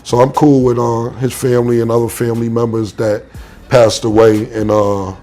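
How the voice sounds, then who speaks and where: New guy, animated storyteller in a casual interview, faint music under him. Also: moderate pace. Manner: animated storyteller, acts out quotes with big pitch jumps. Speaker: rapper being interviewed.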